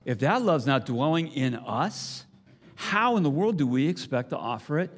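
A man's voice: on the high side, very animated, normal speed. An older man giving a conversational, earnest sermon, with frequent restarts and asides. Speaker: preacher. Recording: long hall reverb.

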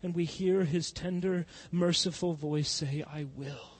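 Male pastor preaching, high voice, drawn out and slow, gets loud then goes quiet. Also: fairly even intonation, husky. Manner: impassioned preaching, rising to loud cries then dropping soft. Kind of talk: sermon.

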